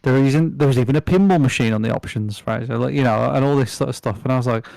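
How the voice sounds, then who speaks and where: A man talks in a loose, rambling way, full of fillers and restarts, and he swears freely. His pitch sits in the middle range. The sound is dry and close, with no room echo. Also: fast, vocal fry, mellow. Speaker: podcast guest. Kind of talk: casual chat.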